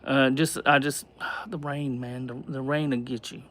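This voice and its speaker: A man's voice: medium pitch, flat delivery, measured pace, fairly bright tone, slight background noise. A man hosting a casual livestream, rambling and hesitant as he reads out and answers viewer comments. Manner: rambling and hesitant, many fillers and restarts. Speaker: livestream host.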